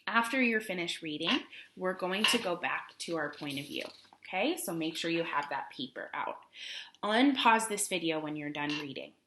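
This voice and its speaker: A woman teacher giving a recorded reading lesson for children, expressive and encouraging, asking questions along the way. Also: fairly low pitch, normal speed, slight background noise.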